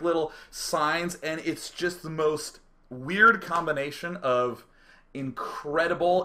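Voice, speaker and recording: A man telling a casual, profane anecdote, acting out his own reactions and dropping to quiet mutters when reliving the aftermath. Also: a little high. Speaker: storyteller.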